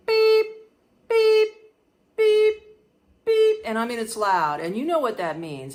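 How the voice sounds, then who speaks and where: A woman hosting a podcast, telling a personal story in a casual, animated way, laughing often and imitating sounds. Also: lowish voice. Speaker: podcast host.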